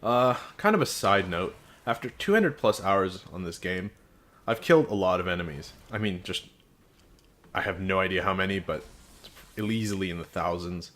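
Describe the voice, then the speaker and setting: A man's voice: low-pitched, lively intonation, normal speed, a bit bright. A man giving a casual, frank video game review, with sarcastic asides and dry jokes.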